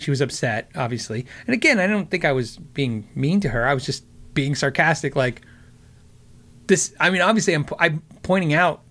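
A man's voice: medium pitch, a bit bright. A middle-aged man hosting a talk show, telling a long story in a rambling, sarcastic way, with many fillers and chuckles. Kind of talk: casual storytelling chat.

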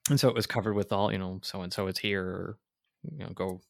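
A man's voice: low voice, fairly even intonation, brisk, vocal fry, dry recording. A man hosting a podcast in casual chat, telling stories in a dry, easygoing way. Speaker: podcast host.

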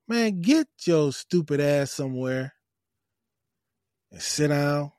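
A man hosts a podcast and gives blunt, preachy advice, hammering his points home by repeating them and swearing freely. His voice sits a little higher than most men's, and the sound is close and dry with no room echo. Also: unhurried, long pauses, darkish tone. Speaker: podcast host. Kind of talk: casual advice monologue.

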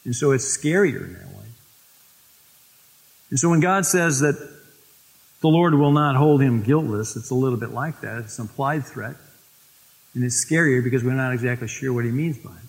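Preacher guy, mid-pitched voice, sermon in a big echoey church. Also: vocal fry. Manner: storytelling, slows for emphasis on scripture. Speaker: pastor. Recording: long reverb of a church hall.

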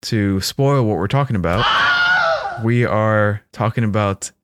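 A man's voice: fairly low pitch, raised voice, very noisy. Chatty man hosting a podcast. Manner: chatty, laughs often, quick asides. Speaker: podcast host. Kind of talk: casual movie podcast chat.

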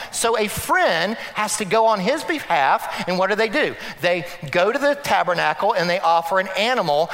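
A man preaching a sermon as a pastor, animated, acting out quotes and mixing in humor. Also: sits high, long reverb tail.

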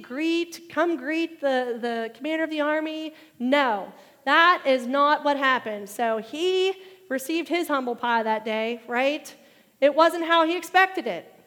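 A woman preaching a sermon, animated and getting loud when she makes her main points. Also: sits high. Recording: long hall reverb.

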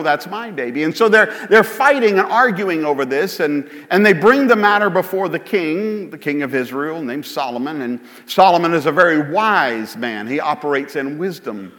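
In a church sanctuary with long hall reverb, a man delivers a sermon as pastor in a high, slightly bright voice. He keeps it conversational and pokes fun at himself.

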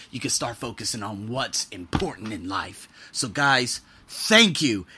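A young man hosting a casual podcast monologue, animated and profane, swinging between loud bursts and low muttering. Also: husky. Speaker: podcast host.

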